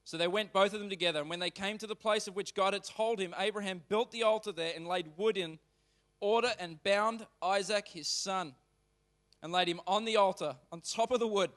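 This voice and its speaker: A man preaching as a pastor in church. He reads scripture aloud, then explains it in a casual, animated way, turning suddenly loud or quiet. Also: sits high, fairly quick. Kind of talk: sermon reading and explaining scripture.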